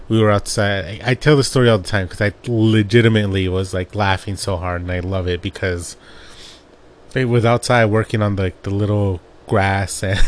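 A young man from Arizona hosting a casual personal monologue into his own desk microphone, rambling and laughing as he tells family stories. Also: lowish voice. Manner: rambling, laughs often while telling stories. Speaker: podcast host.

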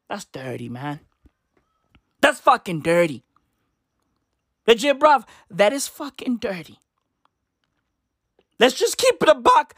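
Loud profane woman ranting for laughs. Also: a little high, dry recording, studio quality. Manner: loud, profane, emphatic, with shouted bursts; heavy use of slang asides. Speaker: commentator. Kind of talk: comedic rant to camera.

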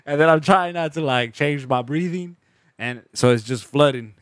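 A man's voice: fairly high pitch, normal speed, no room sound, clean studio sound. Slangy young man saying dog and bro. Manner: slangy, says dog and bro, repeats words, trails off quietly. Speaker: podcast host. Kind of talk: casual chat.

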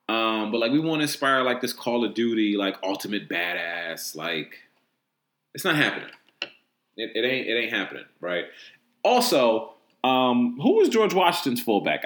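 Guy ranting on his sports podcast, swears a lot, says like constantly, mocking and incredulous. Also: mid-range voice. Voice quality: profane, rambling, heavy use of "like" and "um". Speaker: podcast host. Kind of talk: solo sports commentary podcast.

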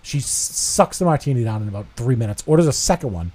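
A man in his thirties spins a long, rambling anecdote in casual banter with a friend. He talks in an animated, self-mocking way, with plenty of cursing and mid-range pitch. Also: fast, breathy edge. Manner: profane, self-deprecating, animated storytelling. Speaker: podcast co-host. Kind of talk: casual storytelling chat.

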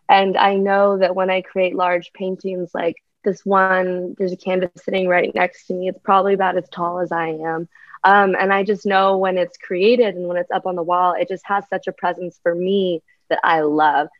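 A young American woman, an artist appearing as a guest, chats casually in an interview, full of ums and likes and frequent laughter. Her mid-range voice is captured dry with no room sound, though the recording is muffled.

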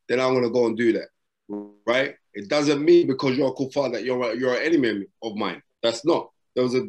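Emphatic man, preacherly advice. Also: medium pitch. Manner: emphatic, repetitive and preacherly, with street slang. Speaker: boxing broadcaster and guest. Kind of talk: motivational advice in a casual interview. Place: hotel room during lockdown.

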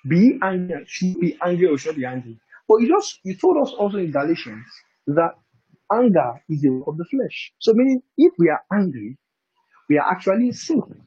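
A man's voice: high voice, sing-song, brisk, mellow, slightly rough. A man preaching a bible teaching sermon in a conversational way, often asking "do you understand?" and chuckling between points. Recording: dull lo-fi recording.

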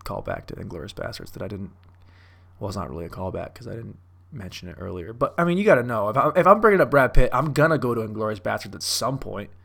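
Gravelly young man riffing on movies. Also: lowish voice, big pitch swings, quick pace, a bit bright. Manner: profane, self-mocking, riffing. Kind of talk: casual rambling commentary.

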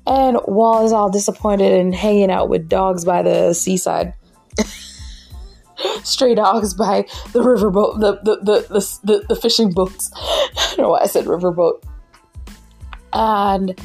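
Tired, gravelly-voiced woman podcaster. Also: mid-range voice, unhurried, pauses often, faint music behind. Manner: animated, laughs often, acts out characters' lines. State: tired late at night. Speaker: podcast host reviewing a drama episode. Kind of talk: casual recap chat.

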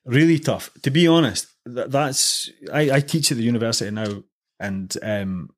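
A man's voice: medium pitch, normal speed. A young man chatting as a podcast guest, telling stories loosely with lots of fillers and restarts. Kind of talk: casual podcast chat.

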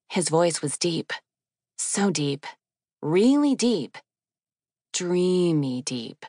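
A woman narrating a story with a wry, expressive reading, unhurried and set a little low. The sound is close and dry, like a studio booth. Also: no room sound. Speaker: audiobook narrator. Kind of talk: scripted narration.

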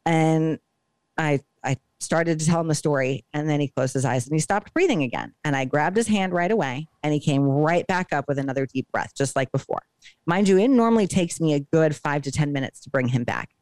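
Brief: middle-aged woman, podcast co-host, animated storyteller, dry close sound. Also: low voice, fairly quick, dry recording. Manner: animated, dramatic retelling. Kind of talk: casual storytelling.

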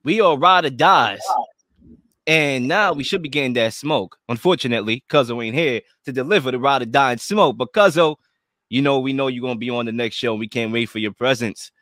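A man's voice: mid-range voice, brisk, fairly bright tone, no room sound, clean studio sound. A man hosting a sports talk show, hyping up segments like a showman. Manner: hype, showman-like.

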